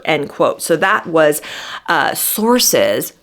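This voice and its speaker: A woman's voice: on the low side, animated, moderate pace, fairly bright tone. A woman giving an emphatic, sarcastic commentary monologue, admitting she is worked up. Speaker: commentary vlogger. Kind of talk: opinionated monologue.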